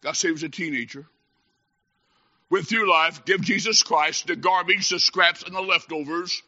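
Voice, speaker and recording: A man preaching a sermon, telling a story dramatically and swinging from hushed tones to shouting. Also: high-pitched, a little slow. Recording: dull lo-fi recording.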